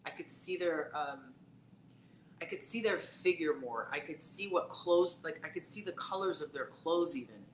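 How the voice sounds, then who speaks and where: A woman's voice: deep voice, lively intonation, normal speed. A woman, a psychic tarot reader, telling a personal story in casual conversation with lots of fillers. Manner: chatty storytelling, many fillers. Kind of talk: casual live-stream conversation. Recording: roomy echo with faint background noise.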